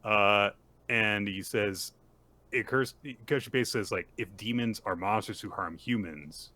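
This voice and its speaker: Bright-voiced man recapping a story. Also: on the low side, normal speed, a little hiss or hum. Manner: animated storytelling, acts out character lines. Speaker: podcast co-host. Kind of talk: casual chapter recap.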